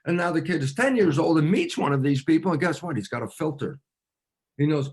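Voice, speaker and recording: A man, a cell biologist, explaining ideas in an interview as an animated storyteller, with frequent restarts and filler words. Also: on the high side, brisk, husky.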